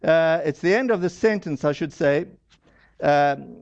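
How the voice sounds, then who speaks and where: A man with a high voice preaches a relaxed, chatty sermon and slips into the voices of the people he quotes. The recording sounds dull and lo-fi. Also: measured pace, gravelly. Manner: casual storyteller, acts out quoted lines. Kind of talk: conversational sermon.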